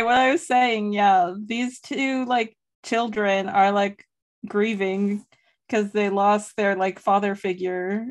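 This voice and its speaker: Rambling, giggly young woman. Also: medium pitch. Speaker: podcast co-host. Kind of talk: casual fan discussion.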